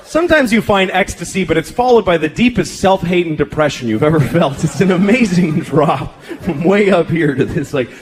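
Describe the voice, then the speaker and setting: A man's voice: fairly high pitch, animated, normal speed. Profane stand-up comic man in his thirties. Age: 30s. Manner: profane, self-deprecating, acts out voices. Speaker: stand-up comedian. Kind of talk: stand-up comedy. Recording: live club with crowd noise. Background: audience laughter.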